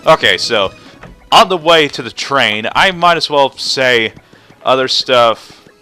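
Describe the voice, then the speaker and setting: A man's voice: medium pitch, expressive, slow pace, sharp tone, smooth, soft background music. A young man giving casual, rambling commentary over a video game, often cutting himself off and joking. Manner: rambling, self-interrupting, jokey. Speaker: let's play commentator.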